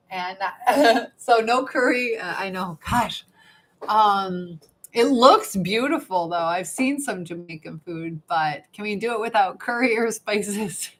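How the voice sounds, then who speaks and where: A woman's voice: mid-range voice, a bit bright, rough recording. Chatty woman hosting a home live stream. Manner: chatty, reads viewer comments aloud, laughs often. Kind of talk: casual live-stream chat.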